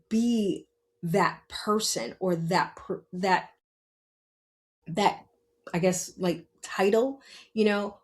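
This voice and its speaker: A middle-aged woman hosting a podcast, talking earnestly and tearfully about parenting, often repeating herself and asking "you understand?". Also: mid-range voice. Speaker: podcast host. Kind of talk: emotional personal monologue.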